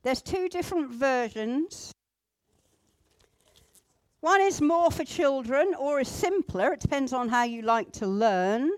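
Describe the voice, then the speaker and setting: A woman teaching a group how to pray, gentle and instructive, with pauses. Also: high-pitched, expressive, no room sound. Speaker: church group leader. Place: indoor room with a group at tables.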